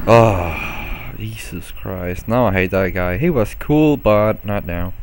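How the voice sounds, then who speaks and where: A man's voice: deep voice, animated, takes it slowly, slight background noise. A man giving casual let's-play commentary on his own gameplay, laughing often and swearing freely. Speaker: gameplay video host.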